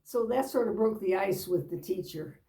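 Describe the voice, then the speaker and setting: A woman's voice: medium pitch, expressive, moderate pace, mellow. An older woman reminiscing casually about family, rambling and trailing off mid-sentence. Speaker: grandmother telling life stories. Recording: voice from far off the mic.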